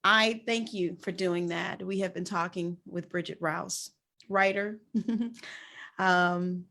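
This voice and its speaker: A woman's voice: lowish voice, steady tone, slow pace, creaky, bright, forceful tone. A woman hosting a live-streamed interview, speaking effusively with lots of fillers over a video call. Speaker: host.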